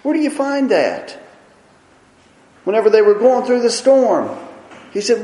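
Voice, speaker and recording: A man preaching a sermon with impassioned, emphatic delivery, swinging between loud and soft. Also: high-pitched, sing-song, measured pace, long pauses. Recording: echoey hall.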